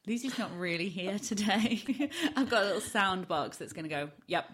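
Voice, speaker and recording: Co-hosting a laid-back true-crime podcast, a Yorkshire woman chats away, makes fun of herself and laughs a lot. She has a husky, fairly bright mid-range voice with lively intonation and a moderate pace.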